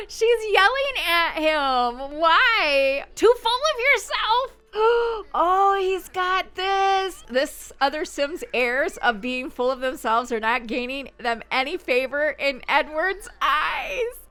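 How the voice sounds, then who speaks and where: Bright-voiced woman narrating a game. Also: on the high side, smooth. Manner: chatty, narrating gameplay with little gasps and exclamations. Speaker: gaming channel host. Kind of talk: casual let's-play commentary.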